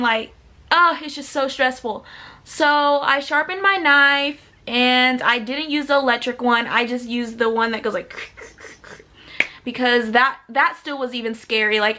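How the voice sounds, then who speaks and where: High bright-voiced teen girl telling a story. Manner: animated, dramatic retelling with many "like"s. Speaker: vlogger. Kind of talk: casual storytime.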